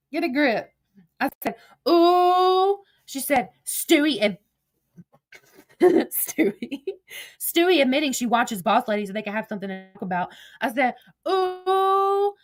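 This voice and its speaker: A vlogger with a slightly high, animated voice at normal speed retells a text exchange from online drama, quoting each message as "I said, she said." The retelling is casual, blunt and exasperated, with free swearing throughout.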